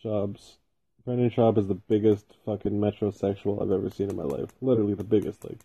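Husky-voiced man ranting, tinny phone-like sound. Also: on the low side, little pitch movement, fairly quick, warm tone. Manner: profane, rambling, heavy swearing. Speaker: podcast host. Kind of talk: casual solo podcast rant. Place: home basement.

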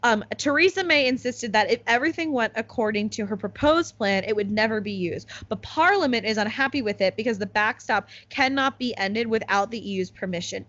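A young woman chatting casually as a co-host, explaining news with lots of "like" and quick laughs. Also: mid-range voice, animated, a bit bright. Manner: chatty, many "like"s, laughs at own jokes. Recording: slightly muffled lo-fi audio.

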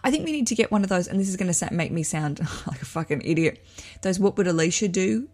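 A woman's voice: lowish voice, lively intonation, fast talker, darkish tone. A woman hosting a wedding advice show, reading listener letters in a candid, self-mocking way that is full of swearing. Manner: digressive, with frequent laughs.

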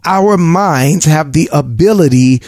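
Animated, gravelly man giving pep talks. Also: fairly high pitch, slow, no echo, studio quality. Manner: preachy, emphatic, laughs often. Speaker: podcast advice host. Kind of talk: motivational advice podcast.

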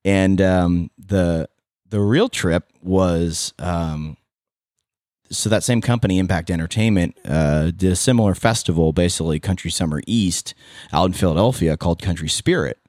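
A man with a Californian accent and a low voice, telling stories on a podcast. He rambles, restarts sentences and throws in animated asides. The sound is dry and close to the mic. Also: normal speed, no room sound. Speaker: podcast guest, former radio host and event MC. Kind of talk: casual interview chat.

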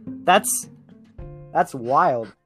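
A man's voice: a little high, animated, very slow, fairly bright tone, soft background music. A man from Alberta co-hosting a podcast, rambling through a story in casual chat and laughing often. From Alberta, Canada. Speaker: podcast co-host.

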